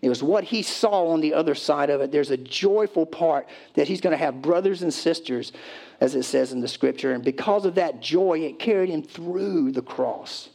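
Male pastor, slightly high voice, conversational preaching with playful acted-out voices. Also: normal speed, creaky, darkish tone. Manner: conversational preaching, acts out pleading voices, loose restarts. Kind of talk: sermon.

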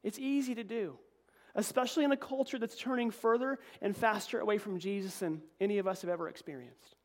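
A man preaching a sermon as pastor, reading scripture and swinging between emphatic peaks and quiet, low asides. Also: fairly quick. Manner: animated preaching, voice rising to emphatic peaks then dropping low.

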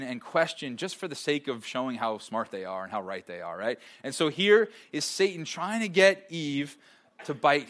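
A man with a fairly high voice preaching a sermon to a church audience. He reads scripture aloud, jokes with the room and often breaks into loud, lively bursts. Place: church service before a live audience.

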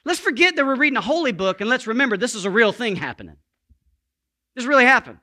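A man preaching a sermon as pastor, emphatic, slowing down to stress key words, with playful asides and calls for the congregation to repeat after him. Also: extremely high pitch, sing-song, pushed and bright.

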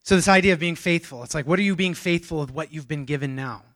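A man with a somewhat high voice delivers a sermon in a loose, conversational manner. He restarts sentences and throws in self-deprecating asides as he preaches. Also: fast talker, fairly bright tone. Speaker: pastor.

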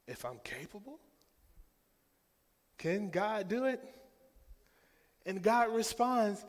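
A male pastor in his thirties preaching a sermon with call-and-response, moving between hushed, tender passages and loud, rousing exhortation. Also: sits high, sing-song, a little slow, long pauses. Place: large church sanctuary. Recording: long hall reverb in a church.

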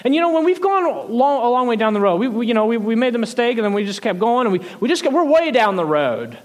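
A man preaching a sermon, retelling a Bible story in a lively, conversational way, often restarting phrases and letting sentences trail off softly. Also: very high-pitched, quick pace. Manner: animated storytelling, frequent restarts, soft trailing endings. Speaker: pastor.

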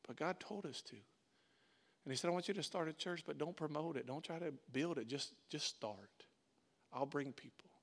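A middle-aged man preaching a sermon as pastor. He moves from quiet storytelling to loud, animated preaching and calls on the congregation. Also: a little high, moderate pace. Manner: calls on the congregation, uses "y'all".

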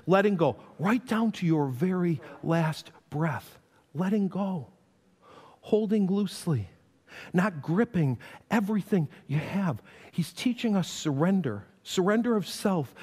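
A man preaching a sermon as pastor, animated and playful, slipping into quick quoted voices. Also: a little high, big-room sound.

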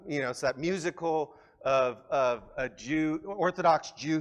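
A man preaching in a church sanctuary, his voice sitting a little high for a man. He presses hard on his key points, then drops into quiet, close asides to the congregation. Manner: earnest preaching, rising to emphatic peaks then dropping to soft, intimate asides. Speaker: pastor. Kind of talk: sermon.

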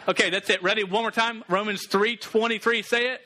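A man's voice: high voice, steady tone, brisk, background noise. A man giving a casual, playful sermon as a youth pastor, calling out to his group. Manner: playful, interactive, calls out to the group.

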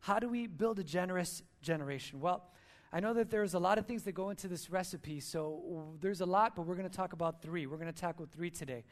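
A man with a notably high-pitched voice preaches a sermon. He talks in an earnest, storytelling way, as a speaker addressing his church. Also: a little fast.

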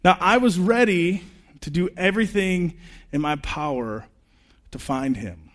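A man in his thirties preaching a sermon in a conversational way, telling personal stories with quick asides. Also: high voice. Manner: animated, chatty storytelling with quick asides. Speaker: pastor.

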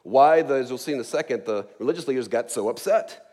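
A man's voice: mid-range voice, fast talker. A man in his forties preaching a sermon in a conversational way, often checking in with "right?" and stressing key words. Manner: conversational, frequent "right?" asides, lively emphasis. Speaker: pastor.

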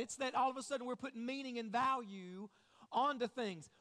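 High-voiced pastor in a reverberant sanctuary. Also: male voice, a bit bright. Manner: earnest, repeats phrases, slows for emphasis. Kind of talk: sermon. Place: church sanctuary.

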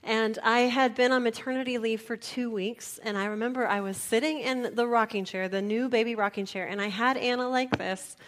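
A woman's voice: a little high, fairly even intonation, moderate pace, few pauses, fairly bright tone. A woman pastor, preaching a personal, confessional sermon and dropping to a near whisper at tender moments.

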